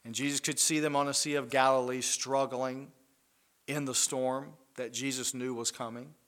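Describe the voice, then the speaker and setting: A man preaching a sermon in an earnest way, swelling loud on key lines and dropping soft and low after them. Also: little pitch movement, moderate pace.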